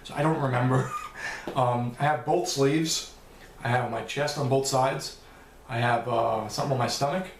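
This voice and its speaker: A man's voice: mid-range voice, fairly even intonation, normal speed, echoey room, a little hiss or hum. A man answering viewer questions in a loose, rambling vlog, swearing now and then. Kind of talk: casual Q&A vlog.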